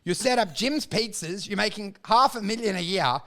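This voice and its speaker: A man's voice: high voice, lively intonation, moderate pace, sharp tone. An Australian man and comedian in casual chat, ranting with lots of swearing and frequent laughter. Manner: profane, ranting, laughing often. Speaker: comedian, podcast guest.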